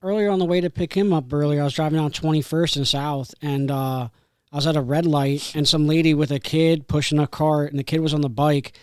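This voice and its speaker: A man hosting a podcast, chatting in a relaxed, conversational way about everyday things. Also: fairly high pitch, fairly quick, smooth, no echo. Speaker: podcast host. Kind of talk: casual chat.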